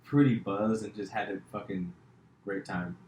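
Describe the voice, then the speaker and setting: A man's voice: fairly low pitch, fairly even intonation, moderate pace, a little mellow, slight background noise. A man hosting a podcast, chatting loosely and rambling with many fillers and restarts. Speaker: podcast host, comedian. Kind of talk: casual chat. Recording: echoey room.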